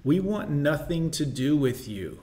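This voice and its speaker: A man's voice: on the high side, very animated, a little slow, warm tone. Blunt lecturing man. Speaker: reaction commentator. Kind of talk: reaction video commentary.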